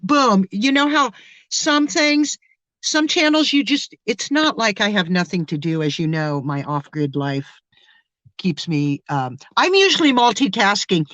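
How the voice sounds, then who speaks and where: A woman's voice: mid-range voice, expressive, measured pace, a bit bright, dry recording. Effusive woman on a dry, dull call. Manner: emotional, effusive, rambling. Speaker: guest. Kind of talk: casual chat.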